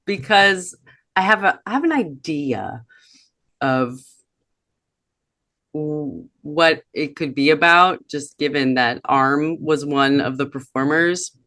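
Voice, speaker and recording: Bright-voiced woman co-hosting a podcast. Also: deep voice, slow pace, no room sound, studio quality. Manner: reflective, reads off old notes, many fillers. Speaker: podcast co-host. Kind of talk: casual chat.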